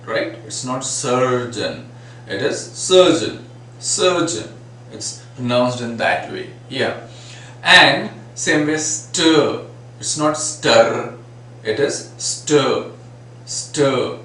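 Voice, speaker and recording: Man, slow measured lecture, distant mic, very echoey room. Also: mid-range voice, bright, forceful tone. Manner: patient, repeats sample words to demonstrate sounds. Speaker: phonetics teacher. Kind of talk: classroom lecture. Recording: very echoey room, far from mic, faint noise.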